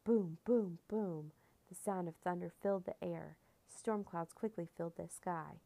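Woman storyteller, low gravelly voice, children's book reading. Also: steady tone, normal speed, warm tone.

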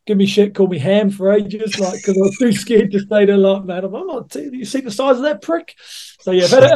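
A man's voice: sits high, a little mellow. A man from New Zealand, a rugby coach and podcast guest, telling sweary anecdotes in casual chat and acting out other people's lines. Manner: sweary anecdotal storytelling, acts out other voices.

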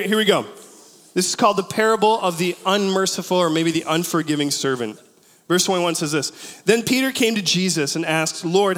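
Youth pastor, male, high-pitched, jokey storyteller, preaching in a reverberant church hall. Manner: animated, joking, acts out voices in his story. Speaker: middle school pastor.

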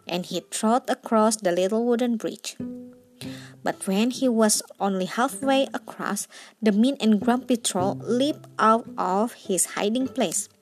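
A woman's voice: on the high side, a little slow, faint music behind. Woman reading a bedtime story.

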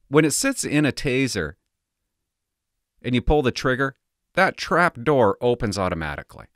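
A man's voice: mid-range voice, a bit bright, no room sound, clean studio sound. A former police officer talking casually to camera, nervous and laughing to himself as he pries open a device. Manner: nervous, laughing, talks to himself while tinkering. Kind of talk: casual vlog narration.

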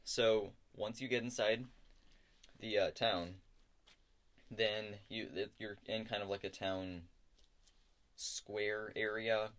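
A man's voice: fairly low pitch, fairly even intonation, slow, long pauses, a bit bright. A man narrating a tabletop role-playing game as game master, hesitant, with many fillers.

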